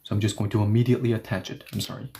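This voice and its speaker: A man's voice: lowish voice, level tone, rapid-fire, warm tone, a little hiss or hum. A man teaching a grammar lesson, explaining each step and asking questions that he then answers himself. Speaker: Korean language teacher.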